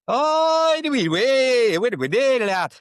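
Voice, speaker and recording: A man voicing a local Scottish man with a thick, broad accent, giving rapid, hard-to-follow directions. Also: very high-pitched, big pitch swings, clear, resonant tone, no room sound, studio quality, voice pushed up, heavily acted. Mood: helpful.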